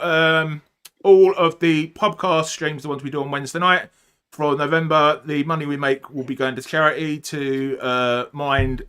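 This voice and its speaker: A man's voice: medium pitch, fairly bright tone, clean tone. A man hosting a casual live podcast chat, joking and rambling, with lots of ums and uhs. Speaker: podcast host.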